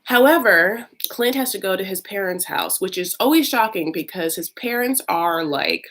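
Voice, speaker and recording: A woman's voice: mid-range voice, expressive, moderate pace. A woman host recapping a reality show in a casual, comic, gossipy way, full of asides.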